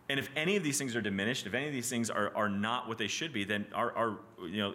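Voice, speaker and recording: A man teaching a Bible study class in a casual, animated way, often asking "right?" and restarting his sentences. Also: fairly low pitch, fast talker, hardly any pauses.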